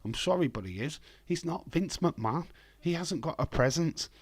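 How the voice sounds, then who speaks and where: Blunt, hoarse man on a live stream. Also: on the high side, expressive, normal speed. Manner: blunt, rambling, profane, reads chat aloud. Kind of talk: casual live-stream chat.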